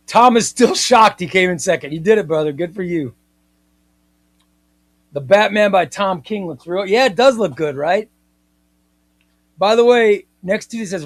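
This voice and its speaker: Male live-stream host, chatty and playful, slightly higher voice, dry close sound. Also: unhurried, pauses often, no room sound. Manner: playful, mock-indignant, chatty and excitable. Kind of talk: casual live-stream chat reading viewer comments.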